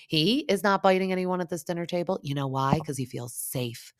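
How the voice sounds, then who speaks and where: A woman's voice: lowish voice, brisk, no room sound, studio quality. A woman hosting a reality TV recap, talking in a chatty, casual way with lots of fillers and acted-out quotes.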